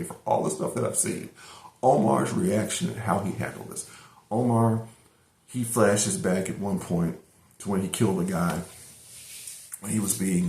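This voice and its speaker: Deep gravelly middle-aged man, rambling. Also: darkish tone, a little hiss or hum. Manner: rambling retelling with many fillers and restarts. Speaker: anime reviewer. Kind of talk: casual episode review. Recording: roomy echo.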